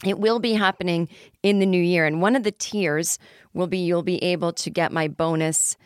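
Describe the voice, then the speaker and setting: A woman in her forties delivers a loose, self-deprecating comedy monologue as a podcast host. Her voice sits a little low and she talks in chatty, rambling bursts. The sound is close and dry, with no room around it. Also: fairly even intonation, moderate pace, smooth, no room sound.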